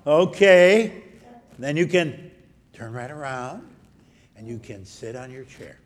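A man, a pastor, gently leading a children's message during a church service. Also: medium pitch, expressive, takes it slowly. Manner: gentle, coaxing, talks to children. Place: church sanctuary.

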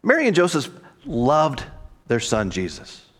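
Male pastor, sermon, reflective, expressive, animated pitch. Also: unhurried, breathy edge, faint music behind. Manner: reflective, animated preaching with expressive quoted dialogue.

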